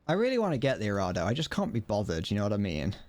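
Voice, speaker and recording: His fairly low, darkish voice swooping wildly in pitch, a young streamer talks very fast to his viewers during gameplay. The casual commentary is full of laughter and swearing.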